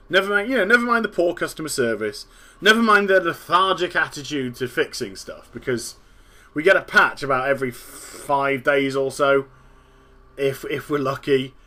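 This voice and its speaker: A gaming podcast host in his thirties, with a medium-pitched, sharp-toned voice, rants casually. Exasperated and sweary, he repeats himself and laughs at his own jokes.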